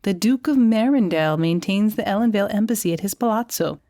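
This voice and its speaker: A pompous male courtier who fawns over every guest, his voice pitched high and simpering, done by a woman narrator. Heard in an audiobook, recorded dry and close. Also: animated, fast, mellow, no echo, close to an everyday voice. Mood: fawning. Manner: pompous, fawning. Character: pompous male courtier in a powdered wig, fawning.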